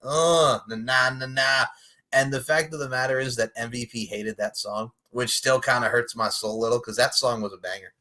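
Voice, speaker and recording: A man co-hosting a wrestling podcast, with a bright, forward voice. He talks in a casual, animated way, swears freely and laughs often. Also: medium pitch, brisk, hardly any pauses. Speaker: podcast co-host.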